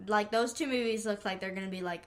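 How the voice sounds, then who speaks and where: A woman's voice: medium pitch, fast talker. A woman co-hosting a podcast, chatting casually and acting out quotes from a movie. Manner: chatty, acts out quotes, giggly. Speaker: podcast co-host. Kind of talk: casual chat.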